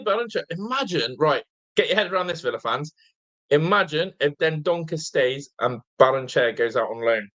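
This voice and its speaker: Tired English man hosting a fan watch-along, bright, slightly higher voice, loose chatty delivery, reads out viewer comments. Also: sing-song, moderate pace. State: tired, half asleep.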